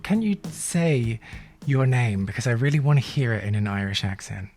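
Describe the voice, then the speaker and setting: Gravelly-voiced male interviewer, giggly. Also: mid-range voice, animated, moderate pace, a little mellow, faint music behind. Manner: giggly, laughs often. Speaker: podcast host, interviewer. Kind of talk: casual interview chat.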